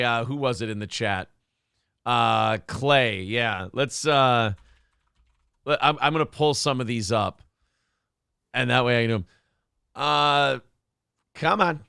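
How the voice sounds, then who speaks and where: Male podcast host, lively pitch, dry close sound, jokey mock comedian bits. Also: gravelly, clear, resonant tone, dry recording. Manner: mock stand-up impressions, laughing often. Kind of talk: casual comedic chat.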